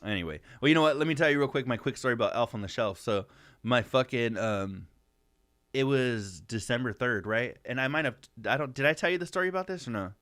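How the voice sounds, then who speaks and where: A man's voice: medium pitch, expressive, fast talker, a bit bright, no room sound, studio quality. A young adult man co-hosting a podcast, rambling through stories, laughing often and swearing freely. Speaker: podcast co-host. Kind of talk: casual profane chat.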